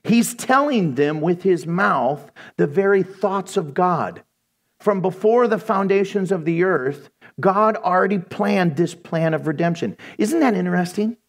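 A man preaching a sermon, reading scripture and retelling it in a conversational, animated way with playful asides. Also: high-pitched, unhurried.

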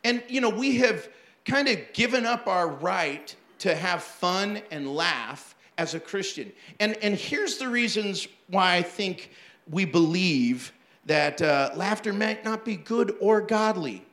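A man who is a pastor, telling funny church stories in an animated sermon, acting out the people he quotes and laughing often. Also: sits high, slow, echoey room. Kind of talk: storytelling sermon.

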